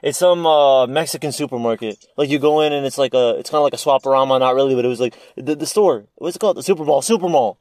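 A man's voice: medium pitch, fast, hardly any pauses, a little mellow, no room sound. A young man in casual chat with friends, rambling with lots of restarts and fillers.

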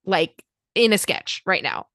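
A woman with a somewhat low voice jokes and agrees along with her co-host in a casual movie chat. Her pitch moves a lot as she talks. The sound is dry and close-miked. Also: very animated, fairly bright tone, no room sound. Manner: playful, quick to laugh and agree. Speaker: podcast co-host.

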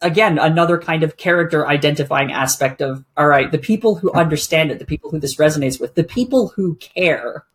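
A podcast guest who talks reflectively in a casual conversation and often pauses to find words. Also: medium pitch.

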